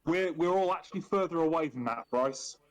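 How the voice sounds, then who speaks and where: Aussie male player, fairly high voice, plain and dry, with a jokey side. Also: brisk. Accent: Australian. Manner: plain, matter-of-fact, jokey. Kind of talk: casual chat at a game table.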